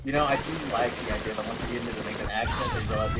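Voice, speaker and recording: A man's voice: on the low side, steady tone, racing, over loud music. A man chatting casually during a game stream, rambling and repeating his words as he gets to a point. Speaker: co-player. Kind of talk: casual chat while playing. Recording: noisy, hissy mic.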